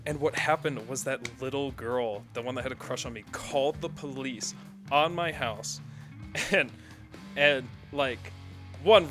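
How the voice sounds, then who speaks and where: A man's voice: medium pitch, bright, forceful tone. A young man streaming a game, telling a rambling story with frequent laughter and casual swearing.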